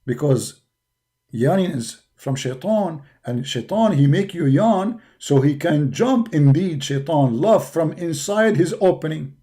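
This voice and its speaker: Tired, high-voiced man in broken English. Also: expressive, unhurried, dark tone. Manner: repetitive, addresses listeners as brother, broken English; mocking, argumentative. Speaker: livestream host. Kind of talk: livestreamed religious critique talk.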